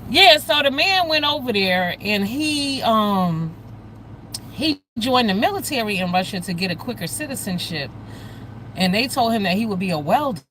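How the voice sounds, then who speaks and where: A woman's voice: on the high side, normal speed, a little hiss or hum. Blunt, gossipy woman livestreaming. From United States. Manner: blunt, profane, gossipy and animated. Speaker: livestream host. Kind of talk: casual livestream chat, greeting viewers.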